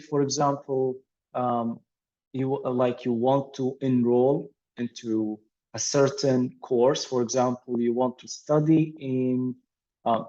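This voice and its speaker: Slow, patient male English teacher. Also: medium pitch, a little mellow. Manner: slow, patient, many fillers and repeats. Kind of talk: explaining a language lesson. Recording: dull lo-fi audio.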